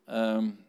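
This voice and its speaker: A man's voice: fairly low pitch, a little mellow, smooth. Man preaching in a reverberant hall. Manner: conversational, asks the congregation questions, laughs often. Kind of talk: sermon.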